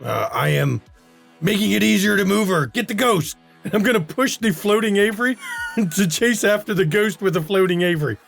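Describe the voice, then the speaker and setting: A man's voice: high-pitched, lively intonation, fairly quick, creaky, a bit bright, soft background music. A man playing in a tabletop game, describing his character's moves and laughing along. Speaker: player. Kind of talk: casual tabletop play.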